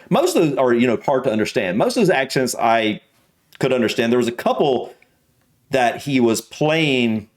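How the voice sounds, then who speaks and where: An American man hosting a reaction video, talking casually and hesitantly with many ums and restarts. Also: medium pitch. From United States.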